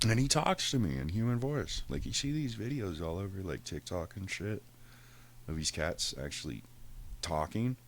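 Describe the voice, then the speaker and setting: A podcast host telling a casual, profane story, animated and laughing often. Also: male voice, sits low, measured pace, a little hiss or hum.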